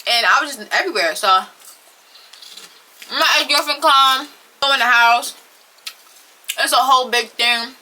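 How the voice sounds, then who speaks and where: A young adult woman telling a story casually to camera in an animated, emphatic, profane, slangy way, on a camera microphone. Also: a little high. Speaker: storytime vlogger. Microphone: camera or phone on-board mic.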